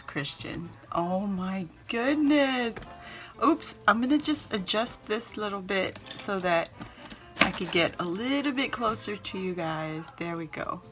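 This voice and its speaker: A woman's voice: medium pitch, pushed and bright. A woman hosting a craft channel, chatting casually through an unboxing and gushing with squealing exclamations.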